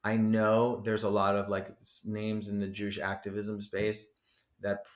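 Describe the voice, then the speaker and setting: A man from New Jersey, a rapper guesting on a podcast, who rambles loosely, swears freely and leans on "you know" every few words. His voice sits on the low side. The recording carries a noticeable roomy echo. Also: monotone, a little slow. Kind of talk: casual interview chat. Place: podcast studio.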